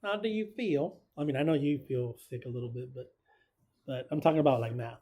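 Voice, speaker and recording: A man's voice: mid-range voice, brisk, warm tone. A man teaching a casual recorded math lesson, chatty and joking, who keeps quizzing his students.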